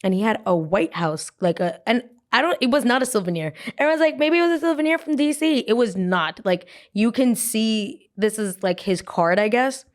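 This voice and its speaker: A woman's voice: on the high side, moderate pace, few pauses. A young woman hosting a podcast, casually telling a story and acting out the people in it. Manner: animated, acts out quotes with a put-on voice. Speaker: podcast host. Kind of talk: storytelling chat.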